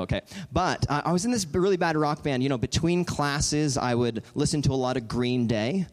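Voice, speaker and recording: Young guy in his 20s telling a funny story on stage, animated, jokey, fast asides. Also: medium pitch. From Southern California. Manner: animated, joking, quick asides. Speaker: guest speaker. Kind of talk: storytelling talk to an audience.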